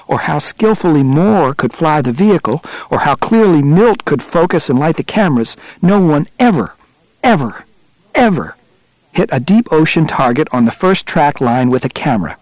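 A man's voice: fairly high pitch, no echo. Man narrating a story, dry close sound. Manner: steady, measured storytelling. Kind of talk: audiobook narration.

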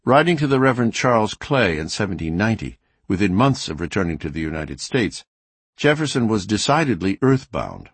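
Male audiobook narrator, low husky voice, lively intonation, measured scripted delivery. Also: no room sound. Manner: measured, expressive reading with varied emphasis.

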